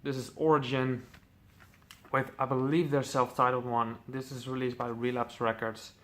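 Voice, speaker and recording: A man's voice: mid-range voice, level tone, normal speed, a bit bright. A man casually presenting his metal CD collection, enthusiastic, swearing freely, with lots of ums.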